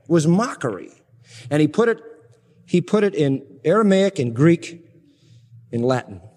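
A man's voice: on the high side, big pitch swings, moderate pace, dark tone. A man preaching an expository sermon, emphatic, swinging his voice up and down to stress points. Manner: emphatic, rising and falling for stress. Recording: reverberant hall.

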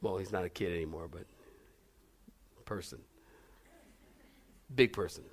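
A middle-aged man preaching a sermon, animated and humorous, calling out to his congregation. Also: deep voice, measured pace, creaky. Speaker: pastor.

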